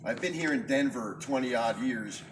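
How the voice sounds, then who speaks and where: A man from New York reading his own poems at a live show, in a dry, wry storytelling manner with punchy pauses. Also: mid-range voice, noisy background. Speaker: performance poet. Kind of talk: live spoken-word poetry reading. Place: live venue before an audience. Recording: distant mic, faint room ambience.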